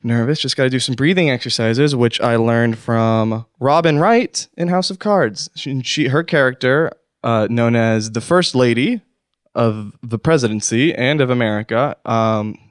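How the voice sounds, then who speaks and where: A man hosting a comedy podcast alone in a studio, rambling and lurching from hushed self-soothing to outbursts. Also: medium pitch, moderate pace, clean tone, dry recording. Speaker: podcast host. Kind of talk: comic solo rant.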